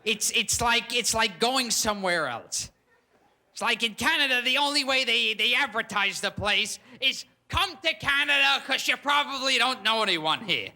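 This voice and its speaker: A man performing stand-up, often shouting his punchlines. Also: animated, normal speed, slight background noise. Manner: shrill, shouting delivery. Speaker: stand-up comedian. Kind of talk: stand-up comedy routine. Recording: live club with loud audience.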